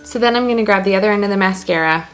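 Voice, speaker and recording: With faint music playing behind her, a beauty blogger talks very fast in a medium-pitched voice as she goes through her makeup. She chats casually, describing each step and cracking jokes along the way.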